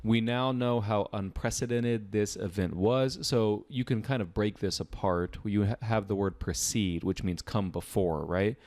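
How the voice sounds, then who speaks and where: A man's voice: fairly low pitch, a little slow, hardly any pauses, darkish tone, no room sound. A man explaining vocabulary in a casual, conversational lesson, with frequent fillers and offhand asides. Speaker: test-prep tutor.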